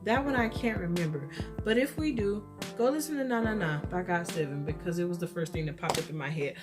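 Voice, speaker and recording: A woman's voice: on the low side, a little fast, over music. Rambling Texan woman giving a pep talk. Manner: encouraging, preachy pep talk; scattered, rambling. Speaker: podcast host. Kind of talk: rambling solo chat.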